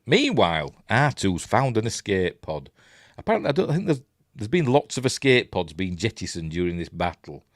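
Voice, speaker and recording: A Yorkshire man talks through a film in a loose, rambling commentary full of asides and rhetorical questions. His voice sits low, but his intonation jumps around a lot. The sound is dry, with no room echo. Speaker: film reviewer, channel host.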